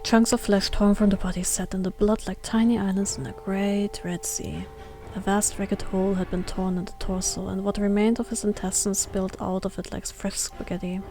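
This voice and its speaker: A woman reading a visual novel aloud, steady with occasional slips and restarts. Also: medium pitch, normal speed, few pauses, soft background music. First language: German. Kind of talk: reading game text aloud.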